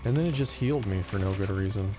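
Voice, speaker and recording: A young man streaming a game, telling a story in an animated, profane rant and acting out both sides of a phone call. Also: deep voice, fast, over music. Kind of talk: casual live-stream storytelling while gaming.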